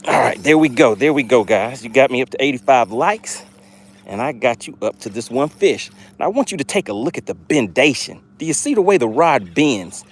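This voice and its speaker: A man hosting a live fishing stream, talking excitedly to his chat viewers. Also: medium pitch, a little fast. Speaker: fishing livestream host.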